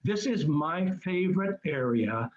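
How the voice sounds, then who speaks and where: A man's voice: fairly high pitch, animated, a little slow, muffled recording. A man hosting a group cruise webinar, chatty and enthusiastic, rambling with many restarts. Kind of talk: casual webinar presentation. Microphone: computer mic on a video call.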